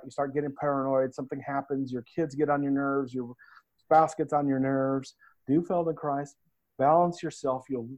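A man's voice: fairly high pitch, darkish tone, rough recording. A man, a coach, talking casually and telling stories in which he quotes the people he advises. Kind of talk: casual podcast talk.

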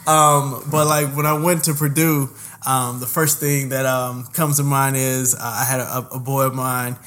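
A young man co-hosting a podcast in a relaxed, joking way, often hesitating with fillers. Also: medium pitch, measured pace. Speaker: podcast co-host. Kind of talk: casual chat.

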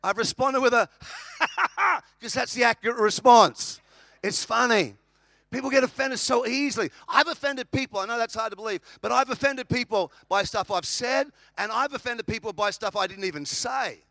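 A man's voice: extremely high pitch, normal speed, pushed and bright, no room sound. An Australian man preaching a sermon, emphatic and humorous, with lots of repetition. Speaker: pastor.

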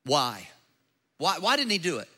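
A male pastor delivering a sermon in a high, bright voice. He mixes playful jokes with emphatic, challenging rhetorical questions to his listeners. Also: huge pitch swings, normal speed, slightly rough.

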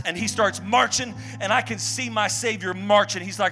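Guy preaching in church, really high voice, keeps building up to shouting, music under him. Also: moderate pace, few pauses. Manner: passionate, building to shouts and repeated refrains. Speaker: pastor. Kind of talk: sermon. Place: church sanctuary.

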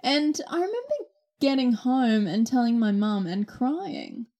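A woman's voice: on the high side, a little slow. A young adult woman, chatting casually and exclaiming often as she tells stories. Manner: chatty, exclamatory, lively storytelling. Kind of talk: casual chat.

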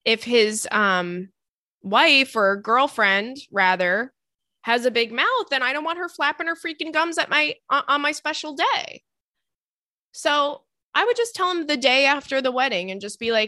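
Bright, chatty young woman host. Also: high voice, expressive, moderate pace, dry recording, clean studio sound. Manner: chatty, swears casually, shrieks and laughs. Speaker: podcast host reading listener letters. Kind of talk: casual chat.

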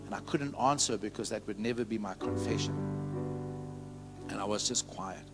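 A man's voice: on the low side, moderate pace. A man preaching a sermon as pastor, fervent and candid, leading the congregation in call-and-response and sharing his own testimony. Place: church service. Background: piano music.

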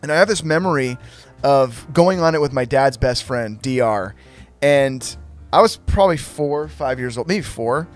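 A man's voice: mid-range voice, expressive, moderate pace, faint music behind. A man, older than his co-hosts, chatting casually on a podcast in a blunt, profane, laid-back way. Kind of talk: casual chat.

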